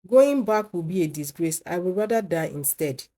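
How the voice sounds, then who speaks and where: A woman's voice: fairly low pitch, expressive, normal speed, mellow. A woman voicing a scheming, dramatic young woman in a storybook tale. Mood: wailing. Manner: casual, then wailing and exaggerated. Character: scheming young would-be second wife, dramatic.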